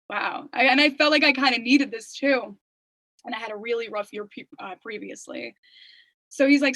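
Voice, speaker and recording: Young woman, interview guest, loose chatty storyteller, higher pitch. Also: pushed and bright, no echo, low-quality recording. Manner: chatty storytelling, many "like" and "you know" fillers. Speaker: interview guest, singer-songwriter. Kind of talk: casual interview chat.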